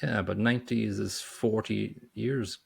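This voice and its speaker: A man's voice: fairly low pitch, steady tone, measured pace, creaky, darkish tone, breathy edge. A man co-hosting a podcast and chatting casually about a movie, jokey and prone to trailing off. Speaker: podcast co-host. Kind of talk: casual movie review chat.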